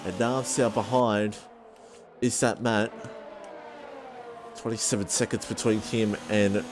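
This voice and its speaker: A man commentating a sim racing league race, excitable and self-deprecating, his voice jumping high when battles get close. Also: takes it slowly, noisy background.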